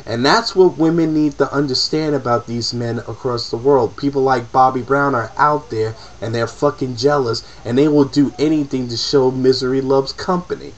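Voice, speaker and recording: A man's voice: medium pitch, fairly even intonation, moderate pace, few pauses, low-quality recording. A man in an emotional, profane personal rant to camera, repeating himself as he presses his point. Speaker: vlogger.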